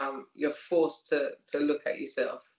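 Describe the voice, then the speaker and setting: A woman's voice: deep voice, little pitch movement, measured pace. Woman guest, candid and chatty, mid voice, echoey room. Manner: candid, laughing, repeats phrases. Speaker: podcast guest. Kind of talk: casual conversation. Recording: roomy echo.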